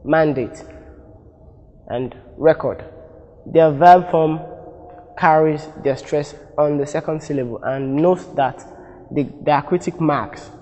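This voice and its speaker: A man with a Nigerian accent teaching an exam-prep lesson, speaking deliberately, repeating example words for drill and correcting himself as he goes. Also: fairly high pitch, dark tone, long reverb tail, rough recording.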